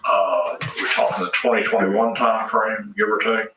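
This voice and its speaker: A man's voice: fairly low pitch, little pitch movement, moderate pace. A man, an attorney, asking leading, methodical questions in a police interview. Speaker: defense attorney. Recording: echoey room, distant mic, faint hiss.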